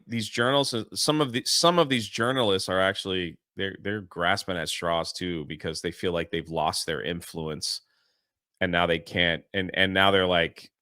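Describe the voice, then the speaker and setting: A man's voice: deep voice, normal speed, sharp tone, dry recording, studio quality. An American man co-hosting a casual commentary chat, sarcastic and indignant, often laughing. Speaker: co-host.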